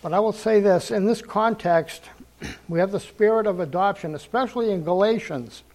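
An older man preaching a testimony in a fairly high voice with a gravelly edge. He tells his story earnestly, repeats phrases for weight and acts out the lines he quotes. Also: normal speed, a little mellow. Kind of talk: sermon testimony.

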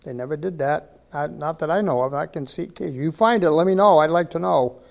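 A man's voice: fairly high pitch, fairly quick, gravelly. An older man giving an informal sermon, talking conversationally with rhetorical questions and frequent restarts. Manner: conversational, asks rhetorical questions, repeats words. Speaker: preacher.

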